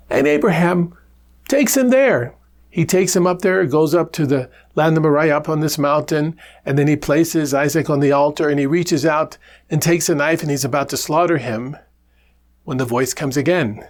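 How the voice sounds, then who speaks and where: A Capuchin friar giving a gentle, reflective gospel reflection, with small laughs and restarts as he talks. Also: fairly high pitch, lively intonation, moderate pace.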